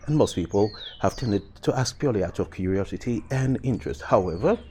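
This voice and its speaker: A man talking through his thoughts in a casual commentary video, pausing often with fillers and restarts. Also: on the low side, dark tone, slight background noise. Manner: reflective, with frequent fillers and restarts. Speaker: vlogger.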